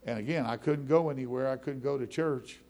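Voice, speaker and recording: A man's voice: mid-range voice, a little fast, darkish tone. A middle-aged man preaching a testimony sermon, telling his story in a conversational way that builds into fervent preaching.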